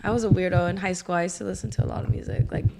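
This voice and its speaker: A woman's voice: on the low side, fairly even intonation, rapid-fire, gravelly, very noisy. A young woman chatting casually as a podcast guest, laughing often and filling her talk with likes and ums. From Mexican-American, from California. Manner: giggly, lots of likes and ums. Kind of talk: casual chat.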